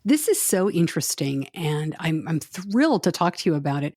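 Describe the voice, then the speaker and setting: A woman hosting a podcast interview, friendly and quick to laugh. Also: deep voice, sing-song, a little mellow, no room sound, clean studio sound. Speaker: podcast host. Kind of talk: conversational interview.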